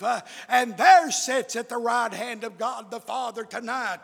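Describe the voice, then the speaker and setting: Preacher guy, raspy and high, slow fiery sermon, lots of uh's, long echo in the church. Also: steady tone. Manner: preaches in bursts, shouting emphatic lines, many "uh" fillers. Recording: echoey hall with long reverb.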